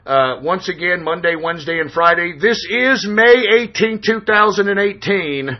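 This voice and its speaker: A man's voice: high voice, normal speed, highs cut off. A man hosting an internet political radio show, talking in a profane, emphatic, intense way. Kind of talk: political call-in show monologue.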